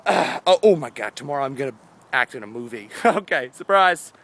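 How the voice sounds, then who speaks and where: A man's voice: mid-range voice, expressive, a little fast, fairly bright tone. A tired young man in his twenties rambling goofily through a daily vlog outdoors, holding the camera himself. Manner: goofy, rambling, jumps between silly voices and mumbles. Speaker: vlogger.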